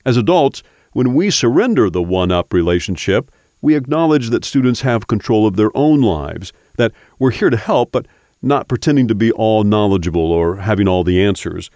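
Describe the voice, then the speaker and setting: A man hosting a podcast, reading scripted narration in a measured way. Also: on the low side, animated, darkish tone, no echo. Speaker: podcast host. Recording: dry studio voice over faint music.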